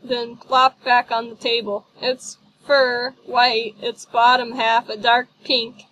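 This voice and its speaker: A woman's voice: fairly high pitch, flat delivery, slow pace, pushed and bright, poor audio. A woman reading a storybook aloud, doing light voices for the characters. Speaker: audiobook narrator.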